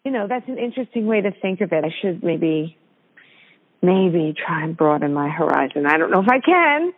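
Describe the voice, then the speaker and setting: A woman's voice: fairly low pitch, big pitch swings, normal speed. Chatty woman host, tinny radio sound. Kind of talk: casual radio chat.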